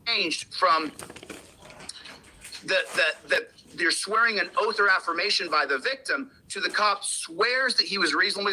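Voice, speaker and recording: A man's voice: sits high, sharp tone, breathy edge, poor audio. An American man giving an impassioned, lecturing talk on rights, often restarting his sentences. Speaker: commentator on a played clip.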